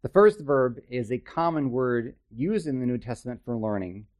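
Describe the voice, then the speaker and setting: A man's voice: mid-range voice, lively intonation, moderate pace, darkish tone. A man teaching a Bible study in a conversational way, with chatty, self-deprecating asides and frequent checks with his listeners.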